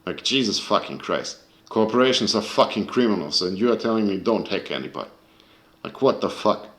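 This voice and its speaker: Deep-voiced man ranting angrily, echoey room. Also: expressive, brisk, fairly bright tone. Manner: angry, profane, searching for words. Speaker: video creator. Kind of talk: casual rant to camera.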